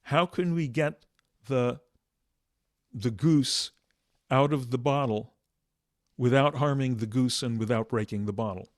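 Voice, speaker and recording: A man voicing an earnest, puzzled male government official who slowly asks a riddle. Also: mid-range voice, dry recording, clean studio sound, close to an everyday voice.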